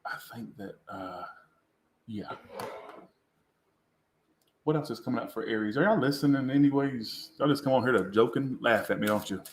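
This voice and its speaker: A tipsy man reads tarot live in a rambling, crude, self-mocking way. His voice sits at an ordinary middle pitch. The sound carries a noticeable room echo. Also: moderate pace, long pauses, a little hiss or hum. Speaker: tarot reader. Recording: roomy echo.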